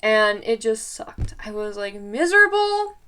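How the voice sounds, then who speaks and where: A woman's voice: fairly high pitch, normal speed, a bit bright, smooth. A young woman vlogger telling a story in casual chat, exasperated and chatty, acting out what she and others said.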